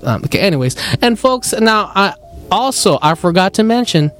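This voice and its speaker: A man with a Filipino accent tells a story on his podcast in an animated, chatty way, his voice sitting fairly high. He jumps into excited higher voices for the people he quotes. Faint music plays underneath. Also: moderate pace. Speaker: podcast host. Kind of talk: casual storytelling chat.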